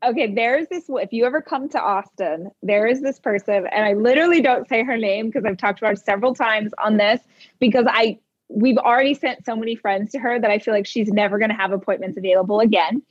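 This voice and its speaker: Lively chatty woman storyteller, dry sound. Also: a little high, husky, no echo, highs cut off. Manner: animated storyteller, quick bursts and drawn-out words. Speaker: podcast host. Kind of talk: casual chat.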